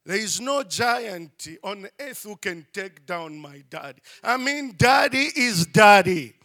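A man preaching and telling a story in an animated way, often using "you know" and "I mean". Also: high voice, slow. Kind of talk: sermon storytelling.

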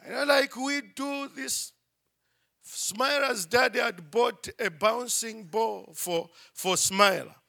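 A man preaching and telling a story in an animated way, often using "you know" and "I mean". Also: very high voice, takes it slowly, vocal fry. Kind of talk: sermon storytelling.

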